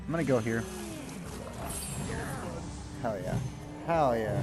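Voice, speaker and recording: A man's voice: medium pitch, lively intonation, a little slow, pauses often, over loud music. A man streaming a game from home, telling a rambling story in casual chat with mild swearing. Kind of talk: casual chat while gaming.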